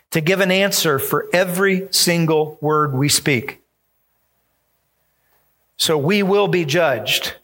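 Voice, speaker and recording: A man's voice: high voice, fairly bright tone. A male pastor preaching a sermon, emphatic and acting out the voices he quotes.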